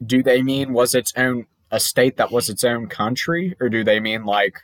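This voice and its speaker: A man's voice: mid-range voice, moderate pace, fairly bright tone, no echo. A young man casually playing a trivia game with a friend, reading questions aloud, swearing and laughing. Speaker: gamer playing a trivia quiz. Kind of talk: casual gaming commentary.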